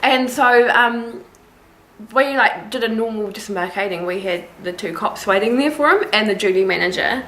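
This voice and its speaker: A woman's voice: medium pitch, normal speed, roomy sound, low-quality recording. A young woman from New Zealand with a New Zealand accent, chatting casually as a flight attendant co-host and acting out the voices in her stories. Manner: animated storyteller acting out dialogue. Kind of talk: casual chat, storytelling.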